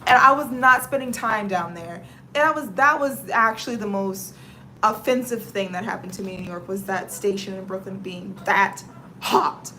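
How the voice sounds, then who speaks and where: This livestream host, a woman with a Southern US drawl, chats casually, reads out comments from viewers and tells stories animatedly with dramatic exclamations. She has a mid-range voice at a moderate pace, with a little hiss or hum in the audio.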